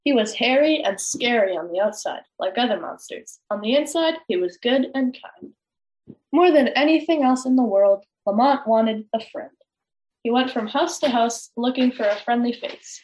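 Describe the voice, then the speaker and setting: A woman reading a children's story aloud, gentle and expressive, with small stumbles. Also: fairly high pitch, normal speed, a little hiss or hum. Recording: dull lo-fi recording.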